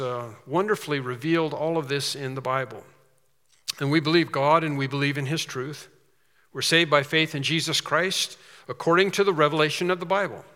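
Male pastor, earnest emphatic sermon delivery, bright ringing voice, church-hall echo. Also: a little high. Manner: earnest, emphatic preaching with rising stresses.

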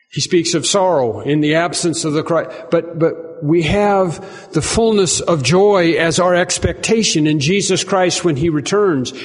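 Earnest male preacher in a reverberant hall. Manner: earnest, repeats phrases, rises in pitch and volume for emphasis. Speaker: pastor. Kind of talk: sermon.

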